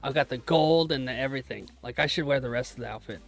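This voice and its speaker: A young man with a medium-pitched voice and vocal fry talks fast on a live stream as a day trader. He chats casually, makes self-deprecating jokes, and cheers on his trades, with soft music playing in the background.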